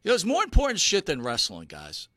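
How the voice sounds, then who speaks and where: A man co-hosting a casual talk show, halting and full of restarts and fillers, emphatic and earnest when he presses a point. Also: on the high side, huge pitch swings, pushed and bright, no echo. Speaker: podcast co-host. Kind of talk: casual conversational commentary.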